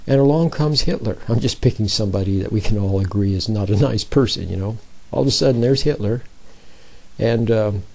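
A man's voice: fairly low pitch, a little fast, gravelly, darkish tone, poor audio. A man giving an informal, conversational sermon, often checking in with his listeners. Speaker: speaker giving a Bible talk.

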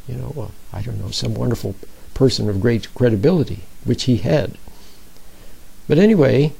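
A man's voice: mid-range voice, moderate pace, gravelly, warm tone, slightly rough, rough recording. A man giving an informal, conversational sermon, often checking in with his listeners. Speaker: speaker giving a Bible talk.

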